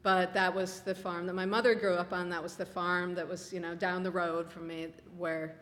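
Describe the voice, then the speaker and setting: A woman from Minnesota, an author telling family stories in a wry, unhurried way at a public talk. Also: lowish voice, flat delivery, a bit bright. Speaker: author guest. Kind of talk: conversational storytelling. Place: public library event room. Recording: reverberant hall.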